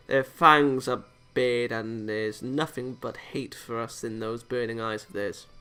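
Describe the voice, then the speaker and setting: A man's voice: mid-range voice, bright, forceful tone. A young man reading a visual novel aloud as a let's-play host, casual, with jokey asides and small stumbles.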